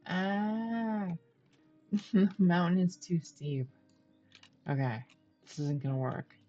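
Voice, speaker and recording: A woman's voice: low-pitched, measured pace, warm tone, muffled recording, faint music behind. A woman streaming a game, chatting and thinking aloud as she plays and talks to her viewers. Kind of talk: live gameplay commentary.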